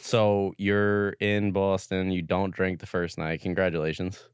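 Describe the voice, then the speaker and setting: A young man with a very low, deep voice, recorded dry and close in a podcast studio. He chats casually and slips in deadpan teasing jokes. There is no room sound around him. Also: measured pace, smooth, dry recording. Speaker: podcast producer and co-host. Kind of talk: casual chat.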